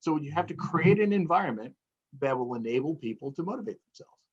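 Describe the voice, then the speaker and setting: A man's voice: a little high, animated, fast, darkish tone, slightly rough, highs cut off. A man who is a motivational speaker, chatting in an interview and acting out tones of voice to explain a point. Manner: demonstrates tone by acting out phrases. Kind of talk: casual interview chat.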